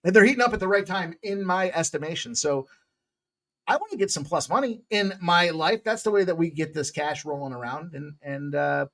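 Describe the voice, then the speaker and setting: A man hosting a sports betting picks show, talking casually in a loose, jokey way with bursts of loud excitement. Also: a little high, fairly quick.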